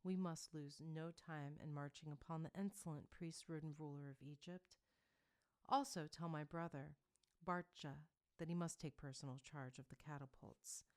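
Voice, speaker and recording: A woman's voice: sits low, fairly even intonation, moderate pace, darkish tone, natural voice. A woman reading the lines of a ruthless warrior king giving curt orders. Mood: commanding.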